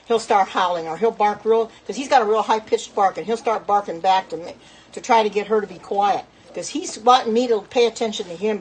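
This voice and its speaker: A woman's voice: mid-range voice, slightly rough, low-quality recording. A middle-aged woman chatting in a rambling, self-correcting way while cooking at her home stove, talking to her viewers. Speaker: home cook. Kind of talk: casual cooking vlog talk.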